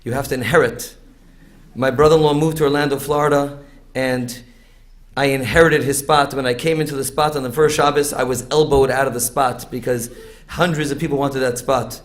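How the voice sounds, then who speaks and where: A man introducing the evening's speaker with personal memories. His voice is mid-pitched and plainly conversational. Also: fairly even intonation, brisk. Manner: personal, reminiscing. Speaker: event introducer.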